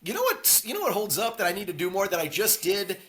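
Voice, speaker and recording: A man's voice: sits high, sing-song, fast, a bit bright. A man co-hosting a podcast, chatting casually and jokingly about a film and acting out quotes in silly voices. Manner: rambling, jokey, acts out quotes in silly voices. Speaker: podcast co-host. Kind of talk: casual movie chat.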